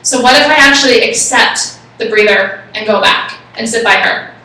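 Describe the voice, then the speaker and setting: Excitable woman giving a talk in an echoey room. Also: a little high, moderate pace. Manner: excitable, animated storyteller. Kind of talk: live talk with personal story. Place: room with a live audience. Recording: echoey room, far from the mic.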